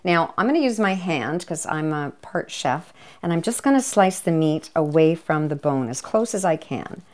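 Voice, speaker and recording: A woman hosts a cooking show with a slightly low voice for a woman. She talks to the camera in a playful, chatty way, slipping in jokey asides and little cheers as she demonstrates. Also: animated, moderate pace, a little mellow. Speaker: cooking show host, home economist.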